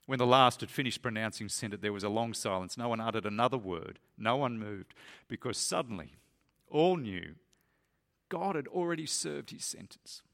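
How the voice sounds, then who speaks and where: An earnest man delivering a sermon with a middle-range voice. He leans into key lines and lets his pitch climb when he stresses a point. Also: animated, normal speed, vocal fry, a bit bright. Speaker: preacher. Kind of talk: sermon with a read-aloud story.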